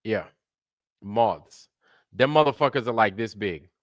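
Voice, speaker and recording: This man's voice sits on the low side and moves at an unhurried pace, captured in a dry, lo-fi recording. Hosting a casual livestream, he swears often, keeps things relaxed with viewers, and now and then slips into mocking impressions.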